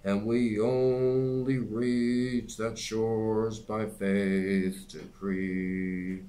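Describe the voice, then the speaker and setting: A man voicing a church music leader who lines out hymns slowly in a rumbling voice. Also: fairly even intonation, lightly acted. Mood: chanting. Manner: slow, drawn-out hymn lining.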